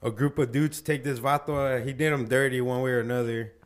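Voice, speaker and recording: A man's voice: mid-range voice, fairly even intonation, fairly quick. A man hosting a podcast, chatting and telling profane stories full of slang. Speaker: podcast host. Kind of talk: casual chat.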